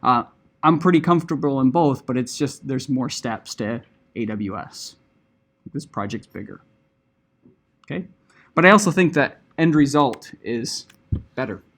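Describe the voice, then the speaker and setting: A man's voice: mid-range voice, lively intonation, a little slow, pauses often, a bit bright. A middle-aged man teaching a class, explaining a project in a casual, conversational way full of "like" and "right?" asides. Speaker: instructor. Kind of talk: classroom lecture.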